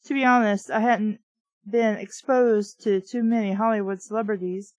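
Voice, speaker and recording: A woman reads passages of a book aloud and keeps stopping to poke fun at them with wry asides. Her pitch sits in an ordinary middle range, and the recording is dry and close with no room sound. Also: steady tone, normal speed, a little mellow, dry recording, lo-fi sound. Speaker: book reviewer reading aloud. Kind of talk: reading aloud with comic commentary.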